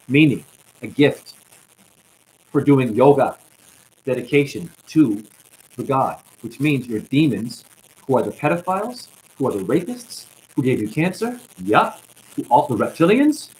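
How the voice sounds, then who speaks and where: A man's voice: medium pitch, big pitch swings, normal speed, poor audio. A man giving an impassioned spiritual monologue as a self-styled teacher, ranting at his viewers and calling them honey. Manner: ranting, calls listeners honey.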